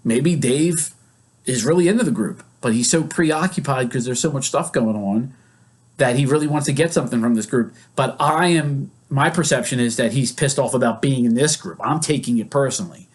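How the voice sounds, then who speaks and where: A man's voice: medium pitch, moderate pace. A male psychologist who leads therapy groups, teaching casually and acting out example scenes in quoted voices. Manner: conversational, with many fillers.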